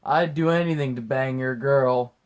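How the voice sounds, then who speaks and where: A tipsy man hosting a podcast, retelling a movie in casual chat and acting out the characters' lines in loud put-on voices. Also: medium pitch, moderate pace. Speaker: podcast host.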